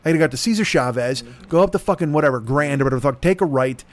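Exasperated, high-pitched ranting man. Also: rapid-fire. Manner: animated, exasperated storytelling with mocking impressions. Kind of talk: profane comedic rant.

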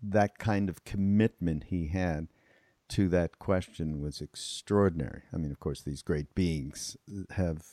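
A man's voice: low-pitched, steady tone, measured pace, dark tone, no room sound, studio quality. A man hosting an interview, speaking thoughtfully and restarting phrases as he searches for words. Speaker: host, interviewer. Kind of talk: casual conversational interview.

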